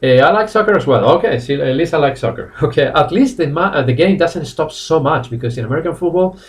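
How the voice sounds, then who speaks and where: A man with a Spanish accent teaching a live online English lesson, animated, laughing often and calling on viewers by name. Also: a little high, quick pace, far from the mic. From Spain. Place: classroom.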